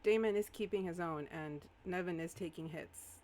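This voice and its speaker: A woman game master narrating a live-streamed tabletop role-playing game, animated and exclaiming often. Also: lowish voice, moderate pace.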